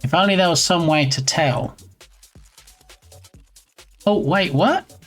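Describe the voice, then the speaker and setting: A man's voice: a little high, slow, a bit bright, soft background music. A man chatting casually on his game development live stream, playful and reading viewer messages aloud.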